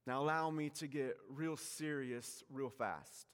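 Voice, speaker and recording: A pastor giving a sermon in a church, telling stories with self-mocking humor, shifting from loud to hushed. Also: male voice, mid-range voice, a little slow, clear, resonant tone, in a large hall. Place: church sanctuary.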